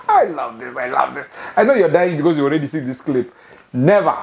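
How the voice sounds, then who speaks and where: A man's voice: a little high, sing-song, moderate pace, vocal fry, dull audio, slight background noise. A young Kenyan man hosting a comic monologue, mixing English and Swahili slang and laughing often. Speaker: host. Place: living room of a new house.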